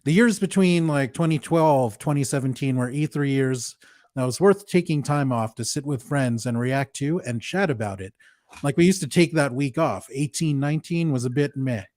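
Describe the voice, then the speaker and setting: Measured man, dry close sound. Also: mid-range voice, lively intonation, darkish tone, no echo. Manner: measured, analytical, says "like" and "right". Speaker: podcast co-host. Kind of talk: casual podcast chat.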